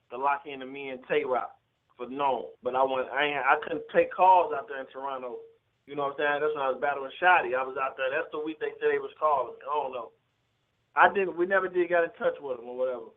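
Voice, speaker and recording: A man, a battle rapper, telling a long story in a casual interview, rambling loosely and retelling conversations. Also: on the high side. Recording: lo-fi phone-like sound.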